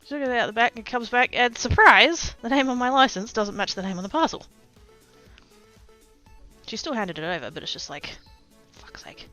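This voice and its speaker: A woman's voice: on the high side, expressive, fairly quick, long pauses, sharp tone, lo-fi sound, faint music behind. An Australian woman livestreaming, telling a story in rambling casual chat, swearing freely and poking fun at herself.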